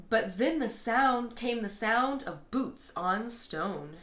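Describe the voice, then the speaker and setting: A woman reading a children's bedtime storybook aloud in an expressive, lilting way. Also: medium pitch, slow pace, few pauses. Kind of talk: read-aloud storybook narration. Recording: echoey room.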